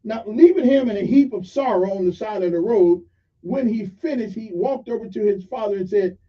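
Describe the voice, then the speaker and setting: A man's voice: high-pitched, moderate pace. A man hosting call-in talk radio in a rambling, folksy storytelling manner, on a dull lo-fi radio recording. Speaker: radio talk show host.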